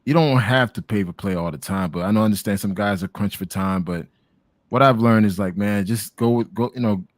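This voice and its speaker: American man, from Miami, laid-back, slangy, low-pitched, dry close sound, video call. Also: no echo. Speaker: guest on travel talk. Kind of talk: casual chat.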